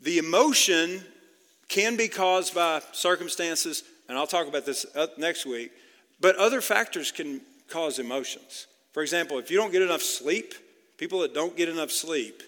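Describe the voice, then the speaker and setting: A man delivers a sermon in a relaxed, conversational way, often pausing to ask his listeners if they follow. His voice sits a little high and sounds bright. It rings out with a long reverb, as in a church hall. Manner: conversational, repeats "okay?" to check in with listeners. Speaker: pastor.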